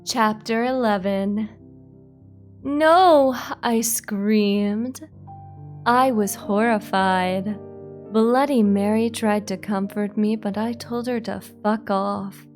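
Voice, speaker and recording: A young woman reading a fan fiction aloud in a deadpan comic manner, with sarcastic asides. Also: medium pitch, takes it slowly, soft background music. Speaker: virtual streamer reading aloud.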